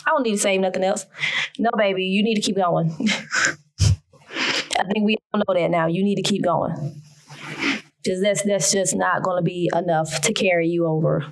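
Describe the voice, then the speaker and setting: Folksy Southern woman hosting a podcast. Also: lowish voice. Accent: Southern American. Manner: folksy, emphatic, preachy. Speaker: podcast host. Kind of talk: casual solo podcast talk.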